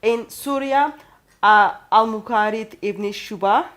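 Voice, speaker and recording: A woman with a Turkish accent who speaks English as a second language, talking carefully with frequent pauses and self-corrections. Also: on the high side, a bit bright. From Turkey. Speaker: co-host. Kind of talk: apologetics discussion.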